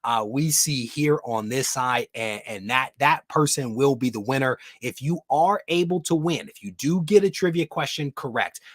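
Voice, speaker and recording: A chatty man hosts a live comic book show at his desk, reading out viewer comments and greeting people as brother. His voice sits at an ordinary pitch and sounds dry and close, with no room around it. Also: fairly bright tone, dry recording. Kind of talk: casual livestream chat.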